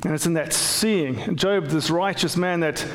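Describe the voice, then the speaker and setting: A man's voice: fairly high pitch, normal speed, long reverb tail, a little hiss or hum. A man preaching a conversational sermon as pastor, with frequent restarts and repeated words. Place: church.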